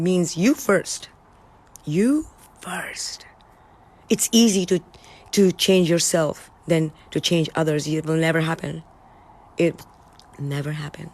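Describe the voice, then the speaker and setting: Earnest woman talking on a livestream. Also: on the low side. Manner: earnest and excitable, drops to whispers for emphasis. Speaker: livestream host. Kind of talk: casual spiritual livestream talk. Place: indoors, live stream in England.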